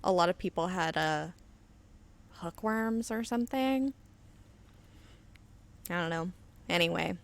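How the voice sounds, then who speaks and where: Rambling woman with a low, gravelly voice. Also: unhurried, long pauses. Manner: rambling, chatty, reads viewer comments aloud. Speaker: host painting miniatures on a live stream. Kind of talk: casual chat while demonstrating. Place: indoor studio under flood lighting. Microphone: webcam on auto settings.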